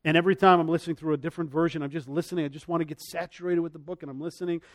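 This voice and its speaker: With a slightly high voice and a very fast pace, a pastor preaches energetically, shifting from loud to soft and dramatizing the voices he cites.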